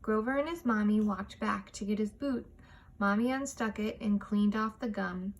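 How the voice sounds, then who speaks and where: A woman reading a children's picture book aloud, expressive and measured. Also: mid-range voice. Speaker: storytime reader.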